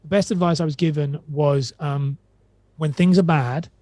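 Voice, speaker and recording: A man's voice: fairly high pitch, fairly even intonation, moderate pace, darkish tone, no room sound. A man on a podcast who chats casually, rambling and retelling quotes with many restarts. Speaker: podcast guest. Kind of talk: casual conversation.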